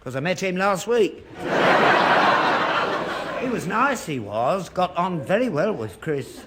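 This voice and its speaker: A man's voice: high voice, big pitch swings, slow, background noise, full character voice. An earnest old father. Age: older. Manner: earnest, credulous, indignant. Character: gullible elderly father keen on seances. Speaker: father in a sitcom. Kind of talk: broadcast sitcom acting.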